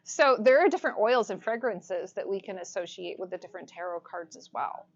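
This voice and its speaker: A woman's voice: mid-range voice, animated, brisk, a little hiss or hum. A woman leads a live workshop, talking casually and laughing often. She asks the class questions as she goes. The recording sounds a bit muffled. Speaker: workshop teacher. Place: shop classroom with audience.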